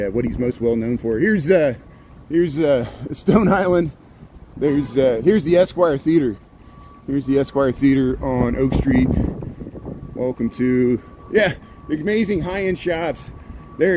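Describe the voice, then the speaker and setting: A man livestreams a walking tour through city streets, giving loose, casual commentary with sarcastic remarks thrown in. His voice is medium-pitched and a little mellow, and street noise and traffic pass in the background.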